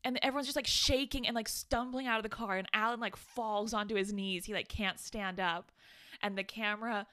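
A woman co-hosting a podcast in casual chat, gushing and excitable, often laughing as she recounts scenes. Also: medium pitch, fairly quick. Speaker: podcast co-host. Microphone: studio microphone.

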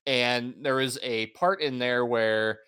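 A man co-hosting a podcast, chatting in a relaxed way. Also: mid-range voice, takes it slowly, smooth. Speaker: podcast host. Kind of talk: casual podcast chat.

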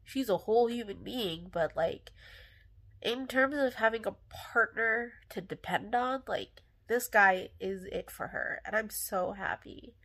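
A woman's voice: mid-range voice, unhurried, creaky, fairly bright tone. A young adult woman hosting a casual solo podcast, talking candidly in a rambling way with lots of fillers. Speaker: podcast host.

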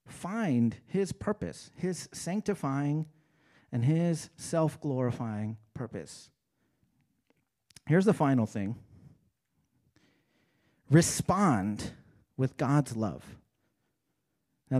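Guy preaching like he's just chatting, throws lots of "right?" at the room, gets loud and excited then drops real quiet. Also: medium pitch. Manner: animated, swinging from loud excited questions to quiet earnest lines; casual preaching with rhetorical questions and "right?". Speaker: pastor. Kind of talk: conversational sermon.

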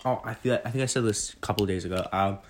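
A man's voice: lowish voice, rapid-fire, slight background noise. A young man in his late teens answering questions in a casual vlog, rambling and correcting himself, recorded on a phone. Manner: rambling, self-correcting, chatty.

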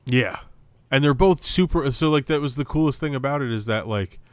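Speaking briskly at medium pitch, a young male co-host rambles through a casual wrestling review chat with lots of fillers and restarts. There's no room sound.

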